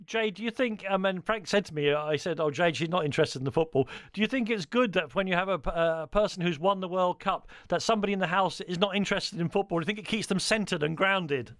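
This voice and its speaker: A man's voice: high-pitched, quick pace, few pauses, a bit bright, no room sound, clean studio sound. A man hosting a radio talk show, chatty and joking, with frequent fillers and restarts. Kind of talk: radio interview. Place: radio studio.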